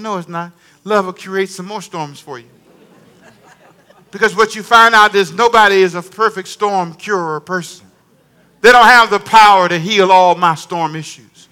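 Male pastor, high bright voice, lively humorous preaching with call-and-response. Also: moderate pace. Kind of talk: sermon.

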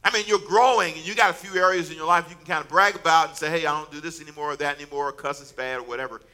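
A pastor preaching a casual, storytelling sermon, joking and conversational with the congregation. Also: male voice, fairly high pitch, racing. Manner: conversational, animated, self-mocking storyteller.

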